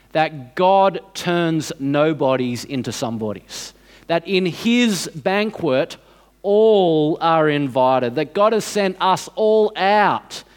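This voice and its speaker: A man with a fairly high voice delivers a sermon as a story. He tells it in an unhurried, dramatic way and builds to emphatic points. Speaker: preacher.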